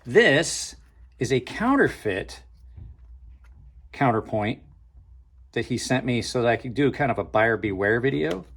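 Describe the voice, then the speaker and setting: Man, mid-pitched voice, casual unboxing vlog, rambling and restarting, dry sarcastic asides, faint background hiss. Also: sing-song, a little slow, vocal fry, long pauses, fairly bright tone. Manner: chatty, thinks aloud, trails off and restarts. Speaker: knife reviewer and channel host.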